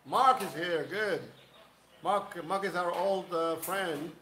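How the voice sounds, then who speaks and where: A man's voice: high-pitched, slow, bright, forceful tone, roomy sound, a little hiss or hum, rough recording. A man hosting a casual live stream, rambling and greeting viewers by name. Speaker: livestream host.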